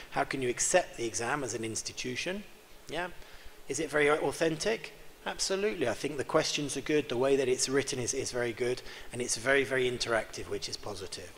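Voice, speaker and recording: A man giving an interactive keynote lecture in a large conference hall, joking and quizzing the audience with quick questions. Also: mid-range voice, a bit bright. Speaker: keynote speaker. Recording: reverberant hall with faint background hum.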